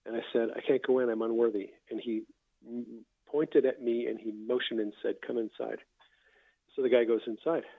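A man hosting a casual faith conversation, calmly recounting testimonies he has heard. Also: mid-range voice, moderate pace, creaky, dry recording. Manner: relaxed storyteller, recounts others' testimonies. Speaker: podcast host. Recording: tinny phone-like line.

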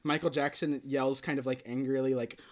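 A man hosting a podcast, chatting casually and retelling a film with lively acted-out quotes. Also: medium pitch, a little fast. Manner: animated storytelling, acts out quotes. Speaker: podcast host. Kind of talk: casual chat.

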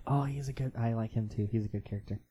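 A man co-hosting a casual chat, chatty and quick to jump in. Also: medium pitch, fairly even intonation, mellow, a little hiss or hum.

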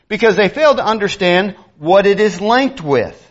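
Male preacher, middle-aged, high lively voice, sermon, acts out conversations, muffled lo-fi sound. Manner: animated, acts out dialogue with quick asides.

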